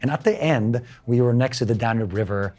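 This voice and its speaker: This guest is a middle-aged man from the Philippines with a mid-range voice who talks a little fast. He animatedly recounts his story in English mixed with Tagalog, performing other people's words as he goes.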